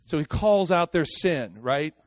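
High-voiced, animated male preacher. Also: a little slow, no echo. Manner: animated, swings between loud outbursts and quiet asides; casual, talks straight to the congregation. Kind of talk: sermon.

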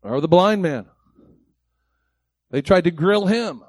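Man pastor preaching live to a congregation, high-ish voice, fervent and emphatic, dry close mic. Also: lively intonation, slow, no echo. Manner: impassioned, emphatic preaching with repeated rhetorical questions. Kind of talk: sermon. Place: church service before a congregation.

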